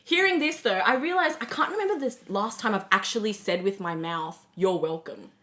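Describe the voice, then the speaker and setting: A woman's voice: mid-range voice, lively intonation, moderate pace, fairly bright tone. A young Australian woman hosting a casual chat podcast, often breaking into giggles. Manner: giggly, laughs often between words. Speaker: podcast host.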